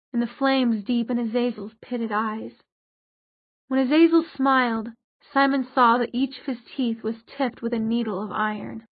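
A woman reading fiction aloud, in a steady, even storytelling manner. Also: on the high side, no room sound. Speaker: audiobook narrator. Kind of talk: scripted fiction narration. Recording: dry, phone-like narrow sound.

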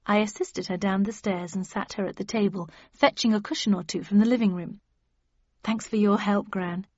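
A woman's voice: mid-range voice, steady tone, brisk, darkish tone, no room sound, muffled recording. A woman narrating a novel, shifting her voice for each character. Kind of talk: audiobook narration.

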